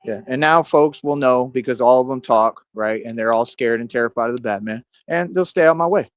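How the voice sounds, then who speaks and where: A man's voice: medium pitch, fairly quick, no room sound. Man, 30s, streamer, combative bragging rant, dull lo-fi dry audio. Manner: boastful, confrontational ranting. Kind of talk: rambling livestream monologue.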